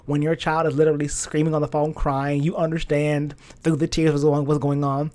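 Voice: medium pitch, level tone, fairly quick, a little mellow. A young adult fashion stylist telling a personal story in a casual, emotional way, with slang and lots of fillers.

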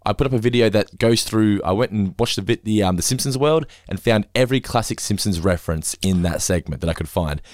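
A man's voice: lowish voice, fairly quick, few pauses, no room sound, studio quality. A man co-hosting a podcast, chatting casually and acting out voices when he tells stories. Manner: animated storyteller, acts out voices. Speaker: podcast co-host.

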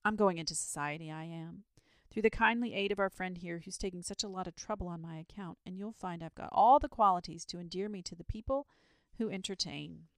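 A woman's voice: lowish voice, fairly quick, clean tone, no echo, studio quality, lightly acted. A woman voicing a polite, fussy, lazy male dragon in a children's storybook, speaking in a genteel, self-assured way. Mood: cheerful.

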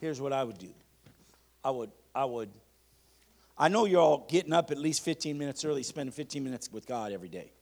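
A pastor preaching a sermon, leading the congregation in call-and-response and reading declarations slowly and emphatically. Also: male voice, mid-range voice, animated, vocal fry, darkish tone.

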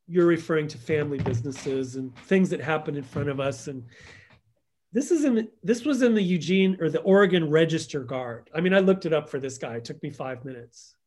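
A man telling stories as a guest in a conversational interview, acting out quotes and trailing off softly. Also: a little high, expressive, fairly quick.

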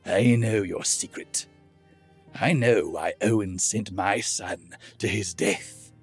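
A man's voice: on the low side, slow, husky, faint music behind. A man doing a bitter, hissing old dwarf.

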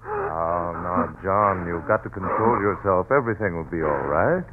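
A firm, soothing doctor. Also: male voice, low voice, expressive, normal speed, very noisy. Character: calm, rational family doctor and friend. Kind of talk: 1940s radio acting. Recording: tinny lo-fi old radio recording.

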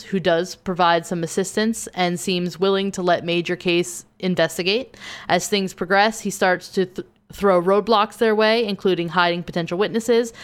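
A woman with a smooth, resonant voice hosts a casual podcast. She reads listings in a steady, even manner, then slips into relaxed banter with her co-host. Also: lowish voice. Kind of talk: casual podcast chat, reading episode summaries.

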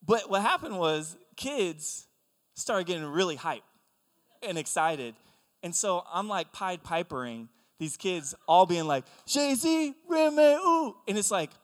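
Excitable young preacher in a reverberant hall. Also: male voice, on the high side. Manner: animated storytelling, excitable and conversational. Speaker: pastor. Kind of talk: sermon.

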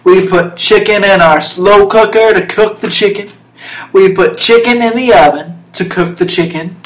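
A woman's voice: medium pitch, normal speed, pitched above the performer's own voice, close to an everyday voice. A woman doing a comedy impression of a brash older Southern woman TV cook, talking in a folksy, bossy drawl. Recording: roomy echoey room.

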